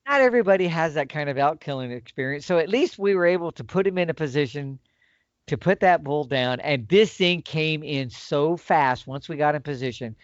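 A man excitedly telling a hunting story, acting out the exchanges he quotes. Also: a little high, brisk, no room sound. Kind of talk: animated storytelling. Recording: dull lo-fi audio.

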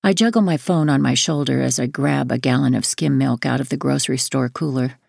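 A woman narrating a first-person memoir audiobook in a measured, plain storytelling way. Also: rumbling low, creaky, a little mellow, slightly rough, no echo, studio quality.

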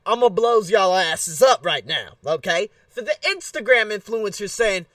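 A man hosting his own solo podcast, ranting in a blunt, animated way. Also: high-pitched, normal speed, hardly any pauses, no echo, studio quality, far from the mic. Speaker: podcast host. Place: Bangkok.

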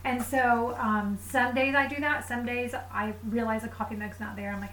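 A woman's voice: a little high, steady tone, normal speed, a bit bright, a little hiss or hum. A woman co-hosting a casual faith talk, making playful, jokey asides. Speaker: podcast co-host. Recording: echoey room, a bit off-mic.

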